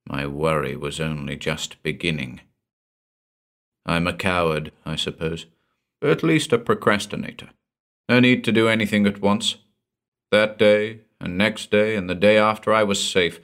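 A man narrating a short story in a measured, deliberate reading. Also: low-pitched, a bit bright. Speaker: audiobook narrator.

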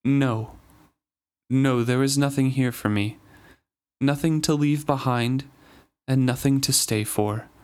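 A man reading the lines of a dying old king, betrayed by his son, in a quiet, grave voice. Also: mid-range voice, fairly even intonation, slow, lightly acted. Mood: grieving. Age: older.

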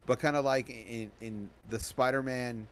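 A man's voice: mid-range voice, steady tone, measured pace, slight background noise. A man talks through his take on a film in loose, casual podcast chat. He keeps stopping and restarting mid-thought, padding his sentences with ums and likes, in an ordinary mid-range voice. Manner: rambling, many restarts and fillers. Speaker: podcast co-host. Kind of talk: casual movie review chat.

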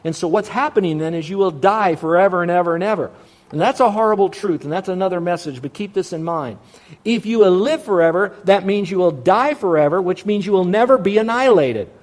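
A man preaching a sermon as a pastor, teaching verse by verse, swinging between quiet asides and emphatic repeated words. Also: sits high, fairly quick. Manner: emphatic preacher who drops soft and rises on repeated words.

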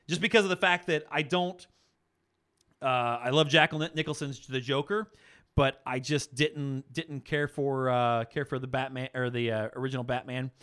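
A man co-hosting a casual movie podcast, animated, laughing often and restarting his sentences. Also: mid-range voice. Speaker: podcast co-host.

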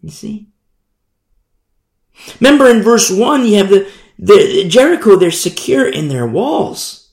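A man's voice: high voice, big pitch swings, unhurried, gravelly, long pauses, reverberant. A man preaching a Bible sermon in an emphatic, rhetorical way, often asking "you see?".

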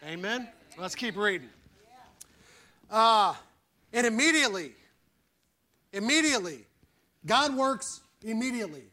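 High-voiced, forceful male preacher. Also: lively intonation, measured pace, long pauses. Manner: fervent, emphatic preaching with calls for "Amen"; folksy, plain-spoken storytelling. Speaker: pastor. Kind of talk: sermon.

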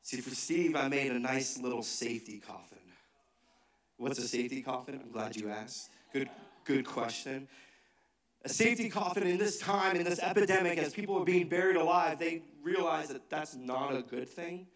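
A male pastor preaching a sermon, swinging between shouted emphasis and hushed, low asides. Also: normal speed. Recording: echoey hall, mic from a distance.

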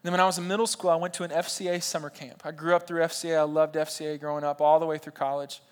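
High-voiced man preaching a lively sermon. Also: rapid-fire, smooth. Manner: animated, jokey asides to a large crowd. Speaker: pastor. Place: large church auditorium.

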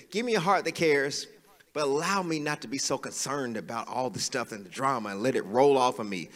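High-voiced preaching man, hall reverb. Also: fairly bright tone. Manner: preaching with rising, sing-song fervor. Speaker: pastor. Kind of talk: sermon. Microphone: handheld mic.

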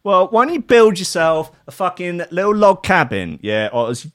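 A man's voice: high-pitched, very animated, moderate pace, a bit bright, dry recording, clean studio sound. A man, working as a radio DJ, chatting casually and ranting sarcastically between records with plenty of swearing.

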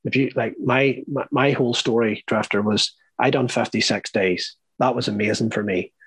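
A young man with an Irish accent, telling his own story as an interview guest, earnest and halting, often starting his sentences over. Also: medium pitch, steady tone, slightly rough, no echo, poor audio. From Ireland. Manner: earnest, halting, with many restarts.

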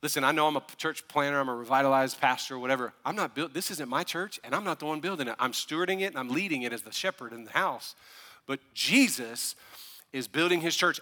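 A man preaching a sermon as pastor, animated and building to fired-up preaching with asides to the congregation. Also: a little high, fast, long reverb tail. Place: church sanctuary.

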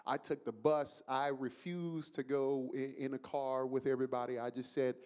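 A man from the Bronx, preaching a sermon as an animated storyteller who laughs through his own story. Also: mid-range voice, normal speed. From the Bronx, New York.

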